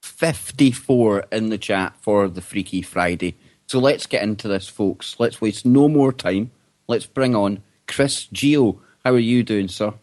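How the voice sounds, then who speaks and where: A man's voice: on the low side, measured pace, a little mellow, dry recording. A man hosting an internet radio talk show, upbeat and jokey as he welcomes guests.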